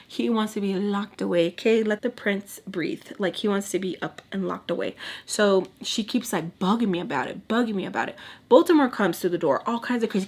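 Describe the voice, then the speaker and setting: Woman doing a storytime vlog, super animated, does everyone's voices, cusses a lot, throws in spanish. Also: mid-range voice, fairly quick. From Texas. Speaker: storytime vlogger. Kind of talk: casual storytime chat.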